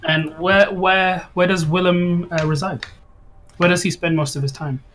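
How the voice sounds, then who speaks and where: A man playing a tabletop game, talking haltingly and repeating words as he works out his questions. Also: sits high, steady tone, fairly bright tone. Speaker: player. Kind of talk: casual tabletop role-play.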